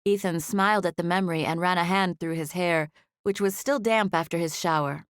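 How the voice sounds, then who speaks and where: Woman, audiobook narrator, first-person storytelling, expressive, dry recording. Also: on the low side, fairly quick, clear, resonant tone, no echo.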